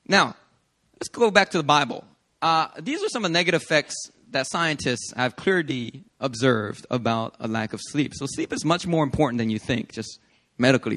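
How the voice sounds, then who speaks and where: A young man preaching a sermon in a casual, animated, conversational way, acting out little quoted scenes. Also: medium pitch, normal speed. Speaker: pastor. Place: church service.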